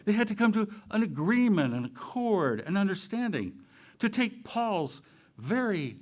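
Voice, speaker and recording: A man delivering a church talk at an unhurried pace, his pitch rising and falling widely as he goes. His voice sits a little higher than most men's. He quizzes the audience and slips in playful asides. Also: big pitch swings. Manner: asks the audience rhetorical questions. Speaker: church speaker. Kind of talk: sermon-style talk.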